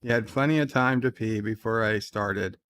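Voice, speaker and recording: This live stream host has a smooth, slightly bright voice and keeps a moderate pace. Speaking with a hint of a New York accent, he's dry and offhand, chatting casually and voicing chat messages in a livelier, raised tone before replying with a low, dry aside.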